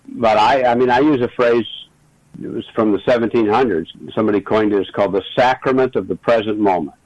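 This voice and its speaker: A man's voice: on the low side, a little fast, a little mellow, no room sound, rough recording. A middle-aged man, a regular guest, talking earnestly and telling stories in a reflective conversation. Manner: earnest, storytelling.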